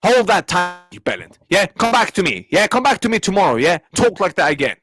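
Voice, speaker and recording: A man's voice: high-pitched, big pitch swings, fairly quick, a bit bright. A young man, ranting angrily at a football match and at viewers in his chat, repeating himself and swearing. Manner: angry, repetitive, swearing, talks back to chat. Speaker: football reaction streamer. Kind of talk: live match reaction rant.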